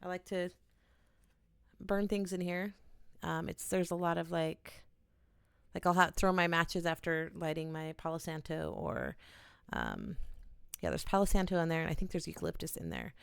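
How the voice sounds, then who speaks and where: A woman with a low, slightly gravelly voice that still comes across smooth and clear. She talks casually and earnestly, coaching listeners step by step through a calming ritual. The sound is dry and close, from a small home studio in a bedroom corner. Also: moderate pace, pauses often, dry recording. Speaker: oracle card reader. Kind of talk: casual guided ritual talk.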